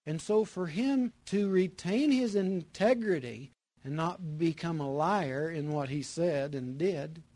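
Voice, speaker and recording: A man preaching a sermon, repeating his phrases with emphasis and moving between loud bursts and hushed lines. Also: on the high side, no echo.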